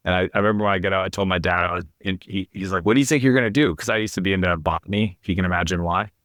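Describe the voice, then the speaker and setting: Deep-voiced man telling his story. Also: little pitch movement, racing, pushed and bright, dry recording, studio quality. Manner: earnest, confessional, quotes others in his story. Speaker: podcast guest, entrepreneur. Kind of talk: candid storytelling in an interview.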